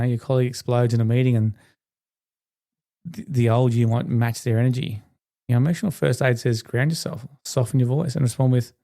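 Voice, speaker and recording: Gravelly man giving earnest advice. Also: mid-range voice, mellow. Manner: earnest, conversational, many "you know" fillers. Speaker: podcast host. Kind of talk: self-help advice talk.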